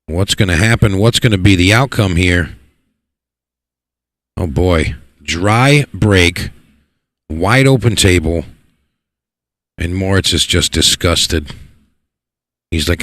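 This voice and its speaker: Man, live pool commentary, very low voice, dry close sound, excitable, repeats words. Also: takes it slowly, pauses often, dry recording. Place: pool hall.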